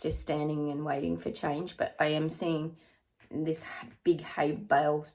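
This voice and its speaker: Gravelly-voiced chatty woman psychic. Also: deep voice, a little mellow. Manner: chatty and rambling, drops to near-whispers. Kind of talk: casual monologue of predictions.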